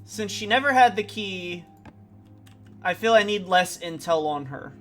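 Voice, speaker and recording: High-voiced, slow-talking male streamer. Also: animated. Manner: thinks aloud, chatty and self-deprecating. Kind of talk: casual let's-play commentary.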